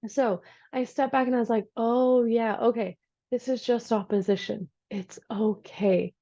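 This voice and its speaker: A woman in her thirties, an energy healer, chatting casually in a vlog from her home office, animated as she retells her day. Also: fairly high pitch, measured pace. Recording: dull lo-fi recording.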